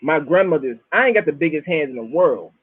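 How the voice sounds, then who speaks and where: Man, Florida accent, husky, somewhat high voice, laid-back slang, tinny dry phone-like sound. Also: lively intonation, a little fast, dry recording. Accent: Southern US, Florida. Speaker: show host. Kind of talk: rambling casual monologue.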